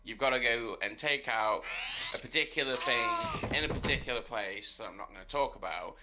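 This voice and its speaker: A man chatting casually about the game he is building, animated and quick to swear, defending his work. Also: medium pitch, background noise. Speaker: game developer. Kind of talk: casual chat.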